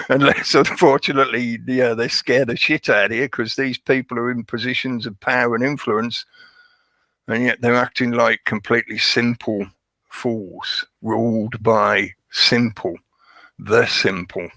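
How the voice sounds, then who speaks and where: This livestream host's mid-range voice is gravelly and sharp, with fairly even intonation and an unhurried pace, recorded without echo. He rambles conspiratorially, greets his chat, and laughs at his own jokes.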